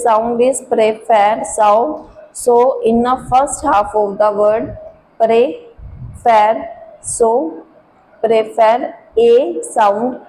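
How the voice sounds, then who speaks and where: A woman with an Indian English accent teaching a French class, slowly explaining accents and repeating sounds and letters step by step. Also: a little high, dark tone, low-quality recording. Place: school classroom. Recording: faint background noise.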